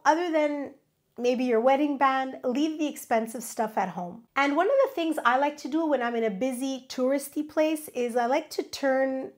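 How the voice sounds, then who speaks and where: High-voiced woman giving travel tips. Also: darkish tone. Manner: friendly, advising, list-style delivery. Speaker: travel vlogger. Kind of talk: scripted travel tips to camera.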